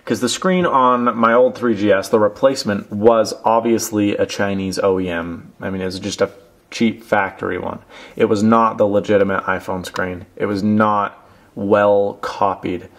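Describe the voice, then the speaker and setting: A man's voice: lowish voice, fairly even intonation, normal speed. A young man talking casually through a product review, telling a rambling self-deprecating story while handling a phone case. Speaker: tech reviewer.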